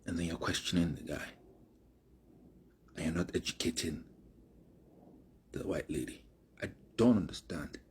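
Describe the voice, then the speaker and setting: A very deep, husky male voice in casual commentary. He sounds earnest and reflective, and sometimes drops almost to a whisper. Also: normal speed, long pauses.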